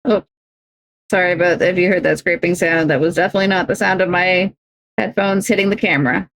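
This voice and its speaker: A woman's voice: fairly low pitch, steady tone, a little fast, fairly bright tone. A woman streamer chatting casually while she cross-stitches at home, rambling and poking fun at herself as she tells stories. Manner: chatty, self-mocking, rambling storytelling.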